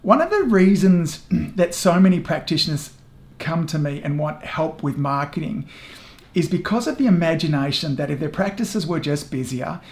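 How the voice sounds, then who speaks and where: A man hosting a podcast interview over a video call from home, chatting warmly and effusively, with self-deprecating humour. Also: a little high, expressive, moderate pace. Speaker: podcast host. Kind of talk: casual interview chat. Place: home in the evening.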